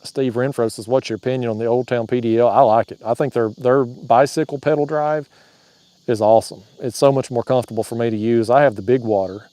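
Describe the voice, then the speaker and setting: At night on a river, a man hosts a fishing livestream from his kayak, reading viewer comments in a drawling, joking manner and laughing at his own jokes. His medium-pitched voice is warm, brisk and steady, and the recording is dry.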